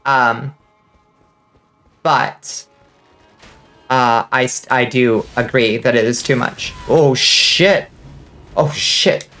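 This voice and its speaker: A woman's voice: very deep voice, extremely slow, pauses often, a bit bright, faint music behind. A woman streaming a game, chatting casually with viewers, swearing freely and laughing often. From US South. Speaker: vtuber streamer. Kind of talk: casual gaming stream chat.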